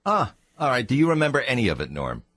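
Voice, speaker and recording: A man hosting a talk radio show, brisk, chatty and teasing with his guest. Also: mid-range voice, huge pitch swings, a bit bright, no echo, clean studio sound. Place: radio studio.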